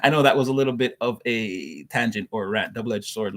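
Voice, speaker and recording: A man's voice: fairly low pitch, brisk, a bit bright. A man delivering a loose, rambling spiritual message to his viewers, repeating "again" and circling back on his points. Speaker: spiritual reader.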